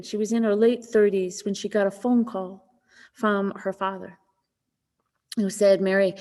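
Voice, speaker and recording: A woman minister preaching a sermon, telling a story gently and softening to a hush in tender quoted moments. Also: mid-range voice, in a large hall. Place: church sanctuary.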